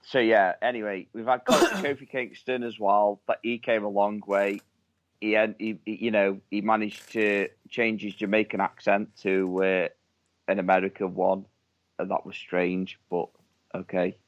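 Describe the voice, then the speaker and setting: Male podcast co-host, lowish voice, blunt and sweary, muffled lo-fi audio. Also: little pitch movement, moderate pace. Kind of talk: casual wrestling chat.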